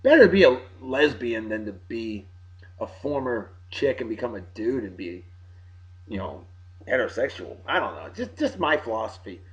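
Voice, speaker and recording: A man hosting a casual solo show, rambling through shout-outs to friends and bursting into loud wrestling catchphrases now and then. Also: medium pitch, sing-song, moderate pace, lo-fi sound. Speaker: podcast host.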